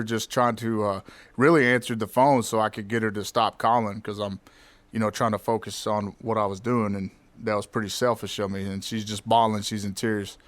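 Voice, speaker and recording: Low-voiced man telling a personal story. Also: fairly bright tone, dry recording. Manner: reflective, candid, halting restarts. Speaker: podcast host.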